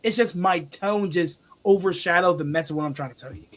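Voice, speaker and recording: A man moderating a panel talk, emphatic and animated, repeating his points for emphasis. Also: high voice, a little fast. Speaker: moderator, youth football coach.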